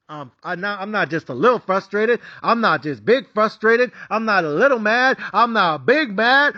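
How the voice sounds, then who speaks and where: A man's voice: high voice, lively intonation, normal speed, few pauses, bright, forceful tone, highs cut off. A man with a Mexican accent ranting profanely as host of a sports betting recap.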